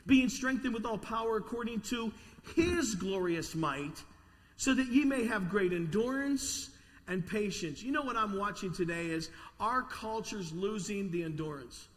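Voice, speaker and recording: A man preaching a sermon to a congregation in a church, energetic with call-and-response. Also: high-pitched, unhurried, big-room sound. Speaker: pastor. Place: church sanctuary.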